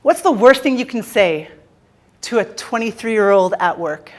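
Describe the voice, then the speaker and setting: A woman's voice: medium pitch, lively intonation, a little slow. A Canadian woman giving a playful, jokey motivational talk on a conference stage, teasing the audience. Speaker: keynote speaker.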